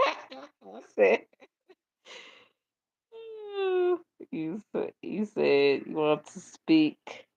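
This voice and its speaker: Southern woman livestreamer, drowsy, slow and low, dull lo-fi audio. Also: wildly swooping pitch, gravelly, darkish tone. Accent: Southern US, Dallas. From Tennessee. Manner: drowsy, drawling, laughs often. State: sleepy. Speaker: livestream host. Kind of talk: late-night casual chat reading comments.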